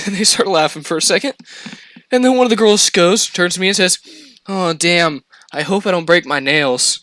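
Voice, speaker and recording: A young man casually telling a story on a podcast, animated and profane, laughing as he goes. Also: high-pitched, moderate pace, no echo.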